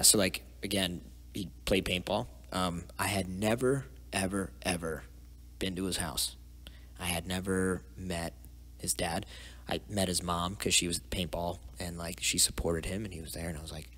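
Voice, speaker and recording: A young man, a podcast guest, telling a personal story in a rambling, profane way and dropping into hushed asides. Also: low-pitched, steady tone, normal speed. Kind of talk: casual storytelling interview.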